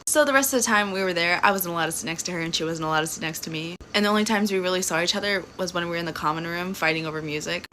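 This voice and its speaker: A woman's voice: fairly low pitch, very fast, hardly any pauses, a bit bright, low-quality recording. A young woman in her twenties telling her story to camera in a loose, casual way. She is blunt and sassy and swears freely. A faint background hiss sits under her voice. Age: 20s.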